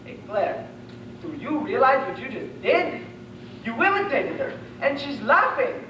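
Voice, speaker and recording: A young man voicing a gruff, wisecracking male dog sidekick, taped in an echoey room from far off. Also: very high-pitched, animated, unhurried, background noise. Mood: eager.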